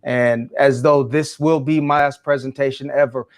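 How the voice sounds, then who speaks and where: A man's voice: medium pitch, fairly even intonation, normal speed. A man who is a guest in an interview, an education speaker answering in a passionate, emphatic, preacherly way.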